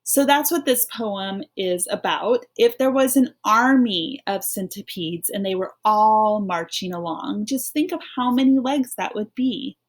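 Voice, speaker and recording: A woman's voice: mid-range voice, animated, unhurried, few pauses. A woman teaching an online phonics lesson, reading a poem aloud and guiding children through it in a patient, encouraging way.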